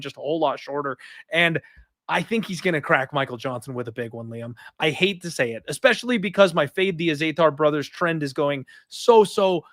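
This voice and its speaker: A man hosting a betting podcast, talking in a blunt, animated and opinionated way. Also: a little high, no room sound, studio quality. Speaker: podcast host. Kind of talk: casual betting podcast chat.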